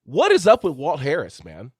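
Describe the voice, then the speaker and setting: Lively man recapping fight results. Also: fairly high pitch, moderate pace, husky, no echo, studio quality. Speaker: podcast co-host. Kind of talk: casual sports chat.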